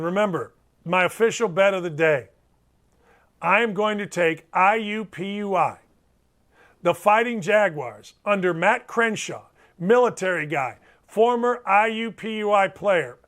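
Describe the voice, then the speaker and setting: Man, middle-aged, high voice, sports talk host, blunt, emphatic, repetitive. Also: normal speed, fairly bright tone. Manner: blunt, emphatic, repeats himself for effect.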